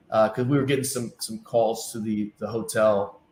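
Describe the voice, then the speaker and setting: Man telling lively anecdotes, echoey room. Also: on the low side, moderate pace, hardly any pauses, slight background noise. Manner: animated anecdotes, acting out quoted dialogue. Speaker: team travel director, guest. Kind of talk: casual storytelling interview. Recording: echoey room with faint ambience.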